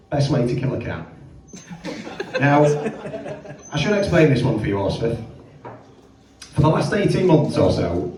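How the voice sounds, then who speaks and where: A man's voice: fairly high pitch, darkish tone, recorded from a distance. A man doing stand-up at an open mic, telling chatty stories and acting out other people's voices. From Northern England. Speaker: stand-up comedian. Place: pub function room. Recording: echoey pub room, voice from off-mic. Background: audience laughter.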